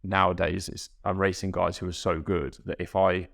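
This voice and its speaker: A young man, a guest rower, reflecting in a halting, self-correcting way in a casual podcast interview. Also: sits low, flat delivery, vocal fry, fairly bright tone.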